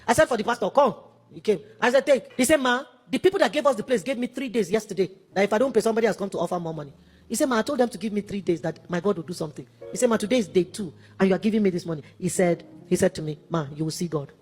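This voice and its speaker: Rapid-fire Nigerian woman preacher. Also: medium pitch, breathy edge. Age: 50s. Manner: animated storytelling, acts out dialogue. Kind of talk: sermon testimony.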